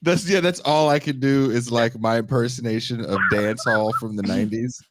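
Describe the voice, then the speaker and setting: A man hosting a casual podcast, loud and animated, laughing and swearing as he talks. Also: medium pitch, moderate pace, no room sound. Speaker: podcast host.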